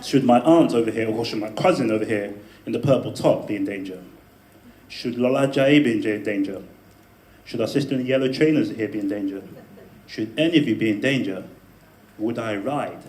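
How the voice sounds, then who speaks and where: A man telling a personal story to a live audience in a debate speech, animated, with laughing asides and emphatic peaks. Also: lowish voice, brisk, a little hiss or hum. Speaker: debate speaker. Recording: echoey room with faint ambience.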